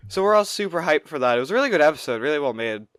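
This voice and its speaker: A man co-hosting a podcast, telling a long story in casual chat, rambling and excitable, with plenty of swearing. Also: fairly high pitch, racing, smooth, dry recording. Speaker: podcast co-host.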